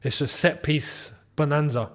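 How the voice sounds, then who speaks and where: A young man with a fairly high voice and a measured pace hosts a live football watchalong. Animated and full of exclamations, he reacts to each play and scolds the players directly as though they could hear him.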